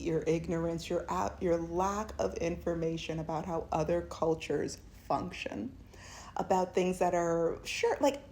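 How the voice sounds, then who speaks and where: A woman giving a sassy, animated storytime commentary, often slipping into voices of the people she describes. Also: fairly low pitch, a little hiss or hum. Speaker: video essayist.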